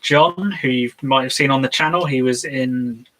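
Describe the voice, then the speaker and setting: A man's voice: medium pitch, moderate pace, pushed and bright, rough recording. A man co-hosting a casual tabletop gaming chat, talking in a rambling, hesitant way with lots of fillers. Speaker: co-host.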